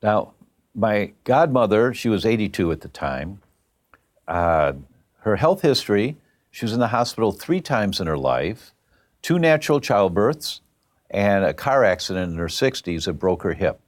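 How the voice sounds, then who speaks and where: A man's voice: fairly low pitch, moderate pace. A man talking as an interview guest, telling a story and acting out the other voices in it. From half Italian family. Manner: animated, acts out quoted voices. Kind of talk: conversational storytelling.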